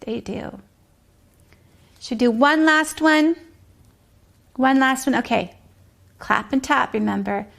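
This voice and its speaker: A woman leading a preschool circle time outdoors, talking slowly and sing-song, sometimes dropping to a whisper for guessing games. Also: sits high, creaky, fairly bright tone. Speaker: preschool teacher.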